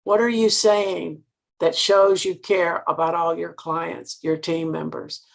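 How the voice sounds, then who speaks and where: A woman's voice: lowish voice, flat delivery, takes it slowly, vocal fry. An older woman from Mississippi, giving an earnest motivational sales talk and asking her listeners direct questions.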